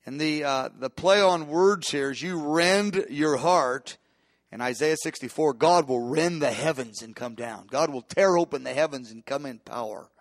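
A man's voice: fairly high pitch, moderate pace, no echo, clean studio sound. A man preaching a sermon with impassioned delivery, often restarting phrases and building to emphatic peaks.

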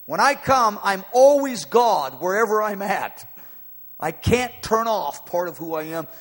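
Preacher guy doing god talking, stern but caring, big emphatic warnings, high voice, lots of hall echo. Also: expressive, unhurried, a bit bright, full character voice. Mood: insistent. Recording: long hall reverb.

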